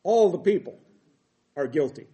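A man's voice: fairly high pitch, lively intonation, normal speed, dark tone. A middle-aged man preaching a sermon, reading scripture aloud and explaining it with emphatic quoted lines.

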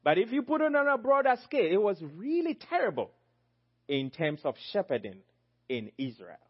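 A man preaching a sermon, emphatic, swinging from loud high exclamations to low quiet phrases. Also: wildly swooping pitch, normal speed, breathy edge, muffled recording.

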